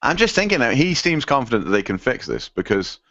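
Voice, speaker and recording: A man's voice: mid-range voice, big pitch swings, fairly quick, a bit bright, no echo. A man co-hosting a casual tech podcast, rambling and hesitant with lots of ums. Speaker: podcast co-host. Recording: dull, dry lo-fi sound.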